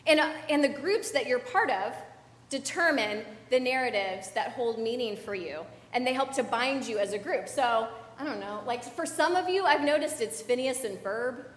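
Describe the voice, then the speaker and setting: High-voiced woman preaching in echoey church. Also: lively intonation, normal speed. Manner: conversational, chatty with fillers and audience asides. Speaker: pastor. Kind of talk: sermon. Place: church sanctuary.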